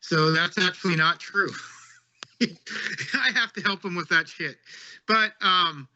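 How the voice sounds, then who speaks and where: Bright-voiced man, dull lo-fi sound. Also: high voice, takes it slowly. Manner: loose, chatty, filler-heavy. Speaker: podcast co-host. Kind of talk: casual podcast sign-off.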